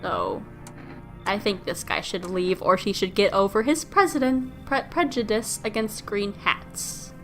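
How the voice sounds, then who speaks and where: A playful woman commenting on a game during a livestream, joking and giggling. Her voice is bright and sharp, with faint music underneath. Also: medium pitch, expressive, a little slow. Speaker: streamer.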